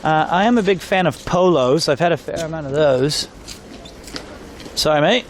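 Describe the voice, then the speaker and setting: A man talks to his stream chat as he walks outdoors, his voice sitting a bit high. He rambles, cracks jokes and chats to passers-by. Faint traffic and street sounds run underneath. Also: normal speed. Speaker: IRL streamer. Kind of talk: casual live-stream chat while walking.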